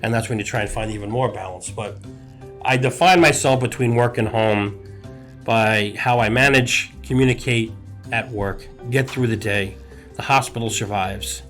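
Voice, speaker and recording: A middle-aged man, a hospital executive, talking earnestly and at a measured pace about balance on a podcast, building his points in short listed phrases. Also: fairly low pitch, fairly bright tone, soft background music. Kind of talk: reflective podcast talk.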